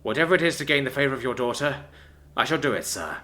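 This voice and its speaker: A man's voice: mid-range voice, animated, quick pace, sharp tone. A man voicing a nervous but determined young man in a storybook reading. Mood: earnest. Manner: nervous, earnest. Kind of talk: storybook narration.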